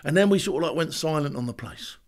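Fast-talking man telling war stories. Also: fairly high pitch, animated. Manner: fast, laughing anecdotes with acted-out shouts and quotes. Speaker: guest, former special forces soldier. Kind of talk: animated storytelling.

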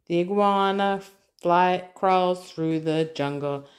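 A mother reads through an alphabet workbook with her child, spelling each word out letter by letter. Her voice sits a little low and carries a gravelly edge, and she takes her time, repeating back whatever the child prompts. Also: takes it slowly, darkish tone.

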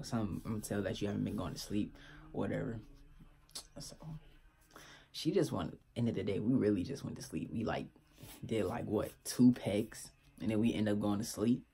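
A young man tells a storytime on his vlog in loose, slangy talk. His voice sits low and gravelly, with a husky edge, and he keeps checking in with his listeners as he goes. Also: normal speed, pauses often, warm tone. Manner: laid-back slangy storytelling, keeps asking "you feel me". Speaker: vlogger.

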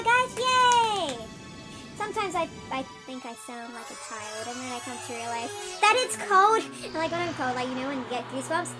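A young woman hosting a gaming channel, giving excitable let's-play commentary with loud outbursts, squeals and rambling asides. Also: high-pitched. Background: game music.

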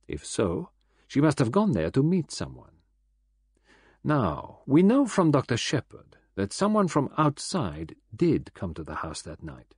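A man voicing a fussy, self-important male detective who speaks gravely and sternly, read for an audiobook. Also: mid-range voice, darkish tone, no room sound, studio quality, heavily acted.

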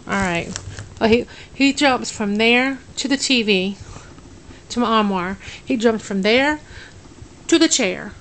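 A woman's voice: on the high side, measured pace, long pauses, a bit bright, a little hiss or hum, rough recording. Drowsy woman unboxing crafts at home. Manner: drowsy, sluggish and tongue-tied. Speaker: vlogger unboxing a craft package. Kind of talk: casual unboxing chat. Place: dim room at home.

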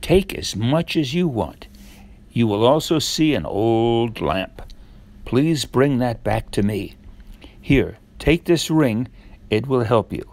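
A man reading aloud voices a sly evil magician disguised as a merchant, speaking smoothly and persuasively. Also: medium pitch, animated, takes it slowly, a little mellow. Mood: coaxing.

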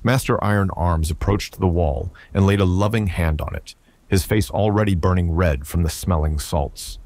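A man narrating a science fiction story with a steady, even delivery. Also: low-pitched, normal speed, no room sound. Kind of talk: scripted narration.

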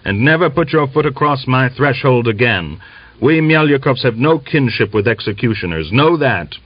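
A man's voice: on the high side, animated, a little slow, no room sound, pitched above the performer's own voice. A man playing a stern, lame old Cossack father who speaks firmly and resolutely, with angry outbursts. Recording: dull lo-fi dry recording.

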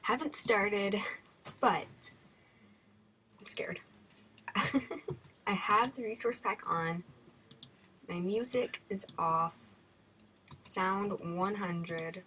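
A woman's voice: medium pitch, very slow, long pauses, sharp tone, a little hiss or hum. A young woman giving nervous, frightened commentary while playing a horror game, often dropping to a whisper. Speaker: gamer.

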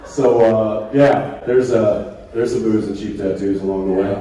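Low-voiced man telling a laughing story. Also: fairly even intonation, a little slow, mellow. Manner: laughing, rambling anecdote with acted-out quotes. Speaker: actor guest on a fan convention panel. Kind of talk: casual storytelling on stage. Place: large convention hall. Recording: echoey hall from far off, noisy.

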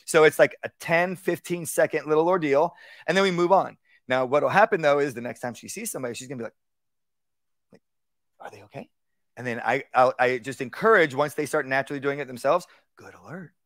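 A man's voice: quick pace, no echo. Man teaching dog training, dry sound. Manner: conversational, acts out commands in a low calm voice. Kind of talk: live workshop talk. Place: outdoor workshop.

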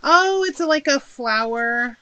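Bright-voiced chatty woman unboxing. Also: sits high, lively intonation, unhurried, dull audio, slight background noise. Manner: chatty, gushing, thinks aloud while unpacking. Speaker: haul vlogger. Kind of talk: casual unboxing chat.

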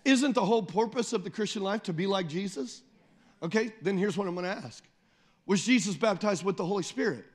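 A man preaching a sermon as pastor, emphatic, repeating phrases, calling on the congregation and slowing down to read scripture. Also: high-pitched, expressive. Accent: Midwestern American. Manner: slows down and lifts the voice when reading scripture.

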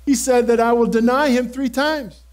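A man's voice: extremely high pitch, fairly even intonation, normal speed. A male pastor giving a first-person sermon as Simon Peter, the eager, impulsive apostle, speaking earnestly and emphatically to the congregation. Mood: indignant. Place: church service held in a cinema auditorium.

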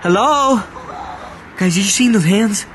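A young vlog host in an outdoor park, talking excitably with repeated exclamations and sometimes whispering. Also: medium pitch, slow, background noise. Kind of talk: staged horror vlog.

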